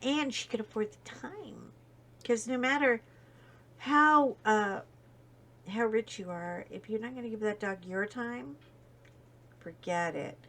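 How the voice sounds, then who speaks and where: A woman hosting a casual chat, a talkative storyteller full of asides and lively exclamations. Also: on the high side, slow, pauses often. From United States. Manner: chatty storyteller, animated, wandering asides. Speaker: host. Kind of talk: casual chat while coloring.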